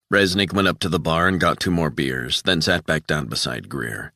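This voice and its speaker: A man reading an audiobook in measured, scripted narration. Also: rumbling low, bright, forceful tone, no room sound, clean studio sound.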